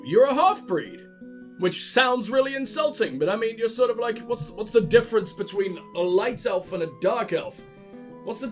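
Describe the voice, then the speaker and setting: A man commentating on his own gameplay, sarcastic and profane, mocking what he sees. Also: high voice. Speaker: let's play host.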